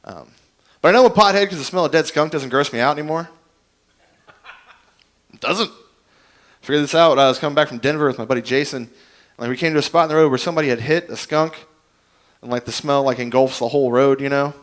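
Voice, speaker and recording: A man's voice: fairly high pitch, quick pace, pauses often. A young man doing a stand-up comedy set, rambling and self-deprecating as he tells stories and acts out both sides of each conversation.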